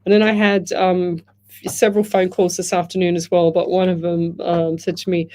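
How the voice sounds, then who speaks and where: Speaking in a lowish, dark voice with flat delivery at a moderate pace, a psychic medium hosts a live radio show from a studio. She rambles through the chat over her headset mic, reading listener comments and greeting people by name.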